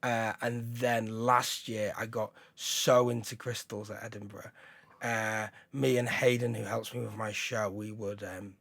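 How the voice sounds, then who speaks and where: A male stand-up comedian, chatting in a rambling, excitable way, often breaking into laughter and shouts. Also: lowish voice, a little slow, vocal fry, no echo. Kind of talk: casual chat.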